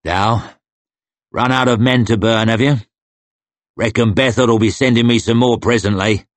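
A man voicing a gruff, sardonic, menacing warrior. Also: mid-range voice, fairly even intonation, a little slow, dry recording, close to an everyday voice.

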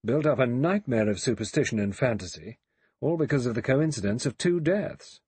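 A man voicing a cool, sharp-tongued adventurer in an audiobook, quick and sardonic. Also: mid-range voice, expressive, husky, dry recording, voice pushed up. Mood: doubtful. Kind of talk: audiobook character voice.

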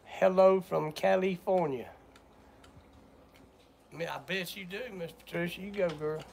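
A man's voice: high-pitched, fairly even intonation, unhurried, vocal fry, a little mellow. An older man from Georgia with a Southern accent, folksy and chatty, greeting viewers on a live stream while coughing from sore lungs. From Georgia, USA. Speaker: livestream host. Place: outdoors on a porch work site.

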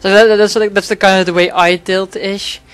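A man narrating his own gameplay in a loose, rambling way, swearing freely and padding his sentences with fillers. His voice is smooth and clean, but his pitch stays fairly level, with little rise and fall. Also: level tone, moderate pace, a bit bright, faint music behind. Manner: rambling, profane, frequent fillers. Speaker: gaming commentator. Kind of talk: casual gameplay commentary.

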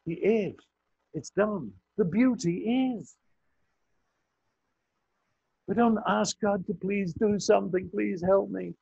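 Older male preacher, gravelly husky voice, slow emphatic sermon, muffled dull recording. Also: dry recording. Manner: slow, emphatic preaching with dramatic pitch swings. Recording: muffled audio with buzz.

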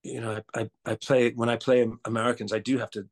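A man's voice: medium pitch, fast talker. A male actor being interviewed, talking animatedly with stammering restarts, his accent a mix with an Australian tinge. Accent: mixed, partly Australian. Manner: animated, stammering restarts, laughs and mimics voices. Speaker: actor and guest. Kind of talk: casual interview chat.

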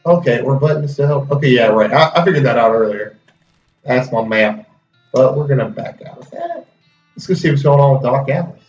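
A man's voice: medium pitch, animated, moderate pace. Joking young gamer man, roomy sound. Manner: joking, reads dialogue aloud. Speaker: let's play host. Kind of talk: casual gameplay commentary. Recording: roomy, distant, dull, faint music.

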